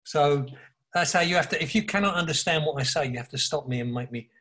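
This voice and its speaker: Husky Cockney man, blunt storyteller. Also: a little high, fast. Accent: Cockney (East London). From England. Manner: blunt, animated storyteller who swears. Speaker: author guest. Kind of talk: casual interview chat.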